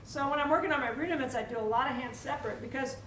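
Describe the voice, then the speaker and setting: A woman leading a percussion clinic for students in a school hall, energetic, asking the room questions and demonstrating. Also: high-pitched, rapid-fire, a little hiss or hum. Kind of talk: teaching a drum clinic to students. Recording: echoey hall, mic at a distance, drumming behind.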